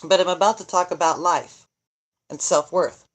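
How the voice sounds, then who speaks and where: A woman's voice: on the low side, normal speed. A middle-aged woman chatting casually on a livestream, joking, rambling and answering viewer comments as she goes. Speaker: vlogger, grandmother. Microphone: phone.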